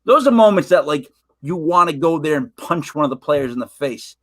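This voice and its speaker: A man with a high voice co-hosts a fantasy football podcast. He tells stories with a lot of life and acts out what people said, in an easy, chatty way. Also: fairly quick. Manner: animated storyteller, acts out quotes. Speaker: podcast co-host. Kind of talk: casual sports chat.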